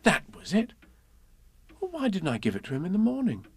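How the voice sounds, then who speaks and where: A man's voice: sits high, wildly swooping pitch, fairly quick, breathy edge, dry recording, clean studio sound, voice pushed up, heavily acted. A man voicing a wistful young boy in a storybook reading, in a raised, hesitant voice.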